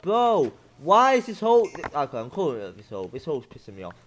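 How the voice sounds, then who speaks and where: A young man gaming and chatting casually, exasperated and swearing, sometimes shouting. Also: fairly high pitch, wildly swooping pitch, fast talker, background noise. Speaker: gaming video host. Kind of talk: casual gameplay chat.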